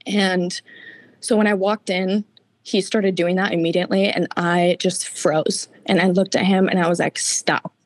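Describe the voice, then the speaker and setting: A woman's voice: on the low side, fairly even intonation, unhurried, no echo. A woman guest giving a candid, emotional personal account in an interview, tearful at times.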